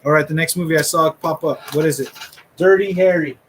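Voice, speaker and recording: Brief: middle-aged male host, casual trash-talking commentary, a touch high. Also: brisk, fairly bright tone, a little hiss or hum, poor audio. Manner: joking, rambling trash talk. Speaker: host revealing a fantasy draft order.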